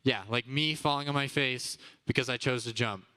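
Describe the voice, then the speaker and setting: A man's voice: medium pitch, normal speed, sharp tone, smooth. A young man teaching a children's church lesson, upbeat and constantly asking the kids questions. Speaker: kids' ministry teacher. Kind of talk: youth sermon to children. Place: church kids' room with a live audience.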